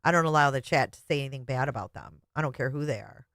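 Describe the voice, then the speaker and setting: This middle-aged woman hosts a laid-back live stream, addressing her chat directly in a low, slightly bright voice at a quick clip. She's outspoken and chatty, swearing without restraint, and her audio is dry and close-miked, free of room echo.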